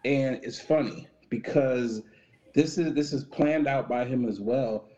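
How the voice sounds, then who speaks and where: A man co-hosting a casual podcast chat, animated and joking, swearing freely. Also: medium pitch, a little slow, lo-fi sound. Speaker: podcast co-host.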